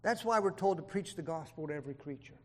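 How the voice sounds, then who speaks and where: A man preaching a sermon, emphatic, swinging from loud declarations to hushed asides and reading scripture in old-style wording. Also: on the high side, lively intonation, fast. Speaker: pastor.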